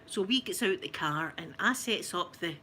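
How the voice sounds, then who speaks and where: A woman with a Scottish accent telling a family story in casual talk, animated and often laughing. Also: on the low side, moderate pace, a little hiss or hum. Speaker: ASMR channel host telling a family story.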